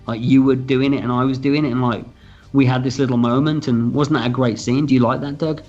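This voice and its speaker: A man, a film writer and director, tells behind-the-scenes stories in an interview. He talks in a lively, candid way, acts out quoted dialogue and swears freely. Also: mid-range voice, a little fast. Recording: slightly dull lo-fi audio with faint music.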